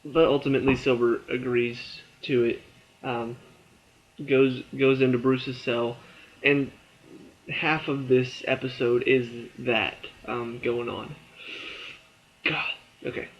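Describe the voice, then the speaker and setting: Tired man, casual TV review, rambling with lots of fillers, mid-pitched voice, muffled lo-fi sound. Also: little pitch movement, slow. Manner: rambling, filler-heavy, frequent restarts. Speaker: TV episode reviewer.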